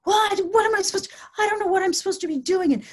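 A woman voicing an agitated, confused elderly woman, complaining loudly and frantically. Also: very high voice, fast, pitched above the performer's own voice.

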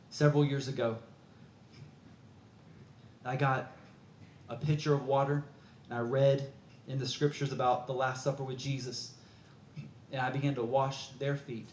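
A man's voice: mid-range voice, little pitch movement, normal speed, pauses often, slight background noise. Storytelling preacher, man, earnest and conversational, roomy hall sound. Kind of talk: sermon.

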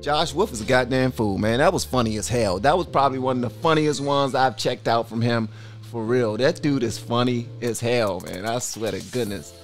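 A man hosting a reaction video, talking in an animated, swearing, exclaiming way. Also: medium pitch, normal speed, faint music behind. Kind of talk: casual reaction commentary.

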